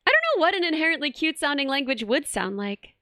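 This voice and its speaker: A woman's voice: sits high, wildly swooping pitch, fast talker, sharp tone, no room sound, studio quality. A young woman streamer in casual live chat, reading viewer messages and rambling with many restarts.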